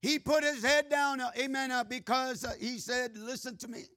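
A man delivers a sermon in a high, bright voice, reading scripture in sing-song swells. He speaks slowly and fills his phrases with "uh" and "amen." The sound is dry and close. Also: steady tone, smooth, no echo. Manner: frequent filler "uh" and "amen" asides. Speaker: preacher.

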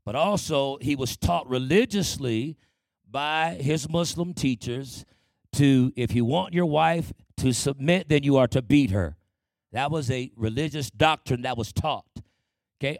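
Gravelly man giving a church testimony. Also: mid-range voice, normal speed, no echo. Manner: conversational storytelling with frequent calls for amen. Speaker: speaker sharing his testimony.

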